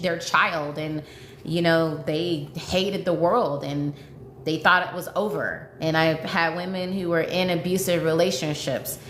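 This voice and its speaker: A dating coach with a lowish, fairly bright female voice addresses her livestream viewers. Her talk is emotional and repetitive, full of pleading and reassurance. The sound is echoey, with faint noise underneath.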